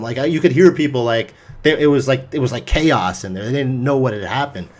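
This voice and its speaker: A young man, a podcast host, telling a story in casual chat, animated and full of swearing. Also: mid-range voice, fairly quick.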